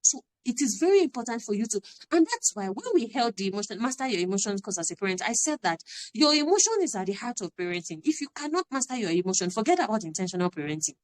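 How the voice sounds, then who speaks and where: A woman's voice: medium pitch, very animated, quick pace. A woman, giving an earnest, emphatic parenting talk on a live stream and repeating her key phrases. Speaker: parenting coach.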